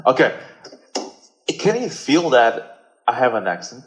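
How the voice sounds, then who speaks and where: A man's voice: mid-range voice, big pitch swings, a little slow, poor audio. A man from Russia with a Russian accent, a native Russian speaker, chatting as a guest and searching for words with many fillers. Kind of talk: casual conversation.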